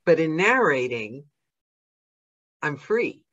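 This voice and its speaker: A woman's voice: sits low, sing-song, slow pace. A woman hosting a podcast interview, chatty and self-deprecating. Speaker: podcast host and narrator. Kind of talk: casual interview chat. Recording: slightly dull lo-fi audio.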